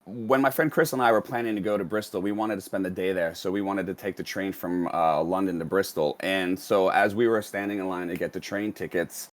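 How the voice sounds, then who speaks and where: A man with a fairly low voice talks through a long story in a loose, casual way. He hesitates often, with plenty of fillers, restarts and trailing phrases. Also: steady tone, fairly quick, few pauses. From United States. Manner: rambling, many fillers and restarts. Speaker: interview guest, DJ.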